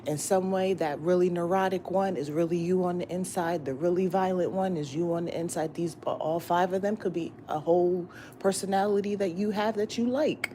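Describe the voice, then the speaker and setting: A woman tarot reader talks straight to her viewers in a loose, slangy morning chat. She swears freely and repeats her points for emphasis. Her voice sits low, with faint background noise. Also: steady tone, moderate pace, few pauses, warm tone. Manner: repetitive and emphatic, often asking "you get what I'm saying?". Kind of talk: casual morning pep talk.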